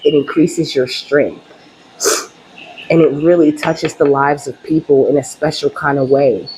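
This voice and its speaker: A woman with a low voice talks straight to her viewers in a casual spiritual reading. She is chatty and emphatic and speaks from the heart. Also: measured pace, a little mellow, slight background noise, poor audio. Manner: heartfelt, openly emotional. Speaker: spiritual reader and channel host.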